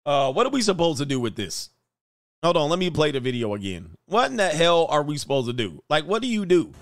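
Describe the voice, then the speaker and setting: A man's voice: a little high, sing-song, brisk, dry recording, studio quality. A man hosting a casual livestream, joking and laughing as he reads out viewer comments. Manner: joking, laughs often, slangy. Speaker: show host.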